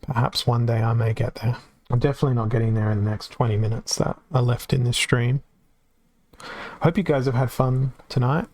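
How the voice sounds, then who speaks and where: A man's voice: mid-range voice, fairly even intonation, a little fast, a little mellow. A man with an Australian accent giving casual live-stream commentary on a card game, chatty and reacting aloud as it plays out.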